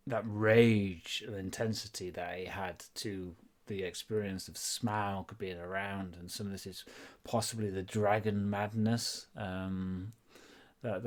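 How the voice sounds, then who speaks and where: Rambling male game master, low voice. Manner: rambling, loose and chatty, many fillers. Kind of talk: narrating a tabletop game.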